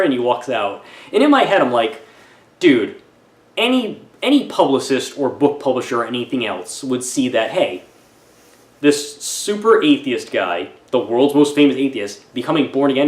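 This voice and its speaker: A man reviewing a film in a casual, sarcastic rant, halting often and restarting his sentences. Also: mid-range voice, very animated, echoey room.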